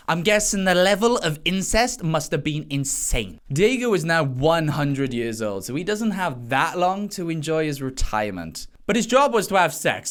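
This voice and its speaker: A man's voice: fairly high pitch, a bit bright. A man doing wisecracking, sarcastic comedic commentary on news stories. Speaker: comedy vlogger.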